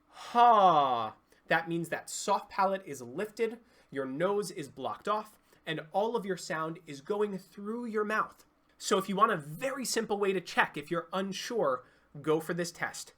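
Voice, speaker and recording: A singing coach giving an online vocal lesson, explaining clearly and demonstrating sounds. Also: medium pitch, animated, normal speed, bright, forceful tone.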